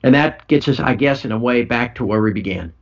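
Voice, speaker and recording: A man's voice: mid-range voice, a little fast. A middle-aged man hosting a casual podcast chat on precious metals, wry and self-deprecating with gloomy humor. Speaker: precious metals site host. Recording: dull lo-fi audio.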